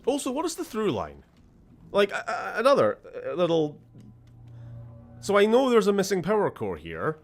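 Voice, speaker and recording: A man's voice: high voice, wildly swooping pitch, moderate pace, gravelly, pauses often, soft background music. A man from Scotland giving casual gameplay commentary as a streamer, sarcastic and jokey, swearing freely.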